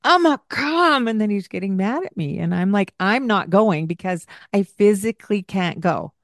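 A woman's voice: medium pitch, normal speed, no room sound, studio quality. A woman hosting a parenting podcast, telling a story from her time caring for a young child and acting out what each of them said. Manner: animated, acts out what she and the child said. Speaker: podcast host and childcare provider. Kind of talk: casual storytelling with parenting advice.

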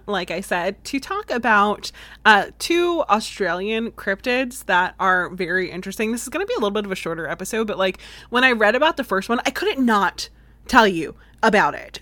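Woman, slight Southern accent, podcast host, bright voice, dry close recording, chatty, playful. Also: medium pitch, dry recording. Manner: chatty, playful, swears freely. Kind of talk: casual storytelling podcast.

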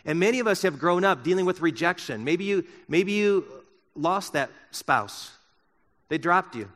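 Bright-voiced preacher in an echoing hall. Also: male voice, sits high, expressive. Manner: impassioned preaching, swinging from loud emphasis to soft and slow. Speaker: pastor. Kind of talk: sermon. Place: church sanctuary.

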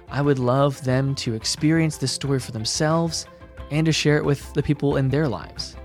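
A man hosting a podcast, narrating a story in a gentle, measured way. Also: medium pitch. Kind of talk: scripted narration.

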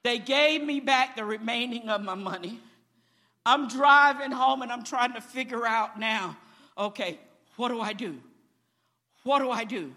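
Slow, bright-voiced older woman preaching. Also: a little high. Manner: dramatic storytelling, acting out each person in turn; emphatic, building to shouted declarations. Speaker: preacher giving a testimony. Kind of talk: sermon testimony.

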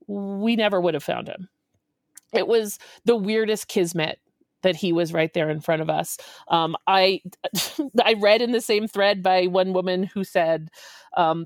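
A woman in her forties telling a story in an animated way, acting out quotes and laughing often. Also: medium pitch, no echo, studio quality. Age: 40s.

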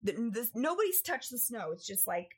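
Young woman on a podcast telling a story, fairly high voice, lots of big jumps when she does other people. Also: brisk, noisy background. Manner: animated, acts out family members with big pitch jumps. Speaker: podcast co-host. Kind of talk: casual storytelling.

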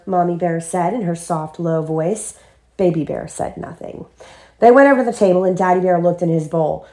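A young mother reading a picture book aloud to her child at bedtime, with playful, expressive delivery. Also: fairly low pitch, moderate pace. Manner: expressive, playful character voices.

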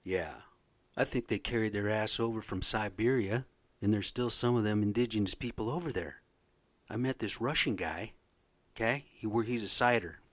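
A middle-aged man hosting a podcast, ranting in a blunt, profane, animated way. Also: on the low side, moderate pace, no room sound. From Pacific Northwest of the US. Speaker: podcast host. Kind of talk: casual rant monologue.

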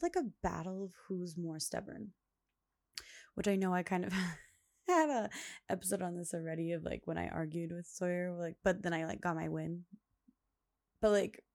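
A woman's voice: lowish voice, a little mellow, dry recording, studio quality. A young adult woman hosting a podcast on her own, rambling through a casual chat full of fillers and little laughs, recorded at home late at night. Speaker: podcast host. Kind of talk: casual solo monologue.

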